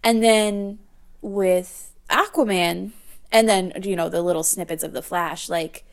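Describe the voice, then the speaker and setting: A woman's voice: lowish voice, a little slow. A woman co-hosting a podcast in casual chat, blunt and playful, swearing freely. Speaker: podcast co-host.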